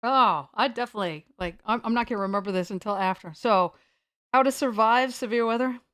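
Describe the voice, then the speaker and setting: A woman's voice: on the high side, fairly quick, fairly bright tone, no echo. Playful woman streamer, dry sound. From United States. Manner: rambling, playful, self-mocking. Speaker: live streamer. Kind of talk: casual livestream chat. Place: at home, sitting on the floor.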